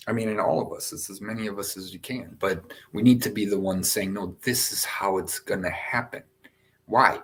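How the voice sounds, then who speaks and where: Rambling, animated spiritual teacher man. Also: fairly low pitch. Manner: rambling, animated, many fillers and laughs, reads chat aloud. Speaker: spiritual teacher hosting a session. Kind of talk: casual spiritual talk to a live chat.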